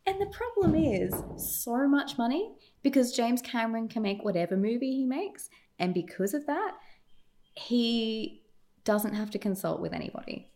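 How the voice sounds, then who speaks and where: A woman co-hosting a casual film chat, talking with sarcastic exasperation. Her pitch swings widely as she leans hard on her points, mocking and emphatic. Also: animated, moderate pace, darkish tone. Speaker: podcast co-host.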